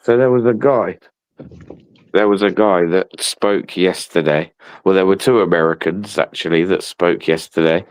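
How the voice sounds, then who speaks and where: Late at night, a man with a very low voice hosts a live chat stream, speaking bluntly and opinionatedly at normal speed, repeating his points and swearing casually. The sound is close and dry, with no room sound.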